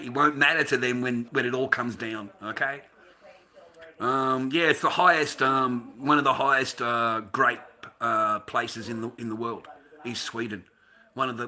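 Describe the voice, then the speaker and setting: Australian man, bright-edged voice, rambling foul-mouthed streamer, drifts from mutters to loud heated outbursts. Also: steady tone, normal speed. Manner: rambling, swears constantly, says mate after nearly every line; swings from low mumbles to loud, heated outbursts with laughs. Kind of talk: casual livestream rant.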